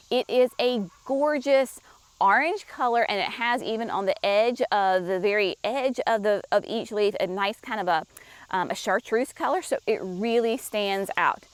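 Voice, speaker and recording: A woman presenting shrubs at a garden nursery, talking chattily and enthusiastically straight to her viewers. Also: a little high. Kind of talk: casual product walkthrough for viewers.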